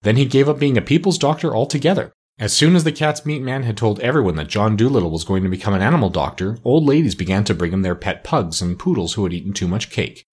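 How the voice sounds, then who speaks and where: Husky man reading a storybook. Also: fairly low pitch. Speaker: audiobook reader. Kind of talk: storybook narration.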